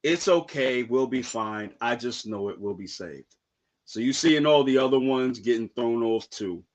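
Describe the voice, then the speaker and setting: A young man on a live reaction stream, talking in slang and breaking into shouted outbursts. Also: mid-range voice, expressive, measured pace, lo-fi sound. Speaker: streamer reacting to a manga chapter.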